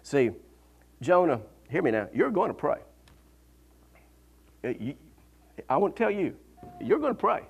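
A man preaching a sermon as a pastor, swinging between fervent peaks and quiet asides and often laughing as he talks. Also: fairly high pitch, big pitch swings, a little slow, gravelly, long pauses, slightly rough. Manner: laughs often mid-sentence.

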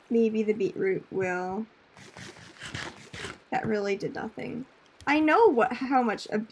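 A young woman streaming a game, chatting casually, reading chat aloud, laughing often and breaking into loud screams at enemies. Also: medium pitch. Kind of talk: casual gaming commentary.

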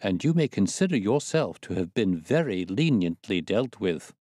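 A man's voice: lowish voice, big pitch swings, normal speed, warm tone, dry recording, clean studio sound. A man reading the part of a stern young master who coldly dismisses his butler. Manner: cold, firm, commanding. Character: stern young country squire, master of the house.

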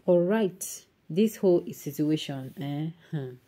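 A woman's voice: sits low, lively intonation, slow pace, mellow. A woman with a Nigerian accent hosting an online news show, reading viewer comments aloud and mixing in emphatic Pidgin asides.

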